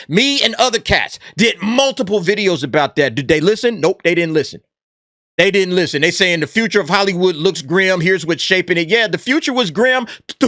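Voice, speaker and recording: A man's voice: high voice, bright, forceful tone, dry recording, clean studio sound. A man hosting a commentary channel, talking in a brash, mocking and profane way, laughing at the people he talks about. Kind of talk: casual commentary monologue.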